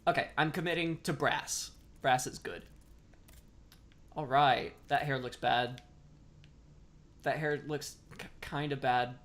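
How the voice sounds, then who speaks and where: A man's voice: mid-range voice, steady tone, slow, pauses often, fairly bright tone. A man chatting casually as a streamer while playing a game, rambling and self-deprecating. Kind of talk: casual gameplay commentary.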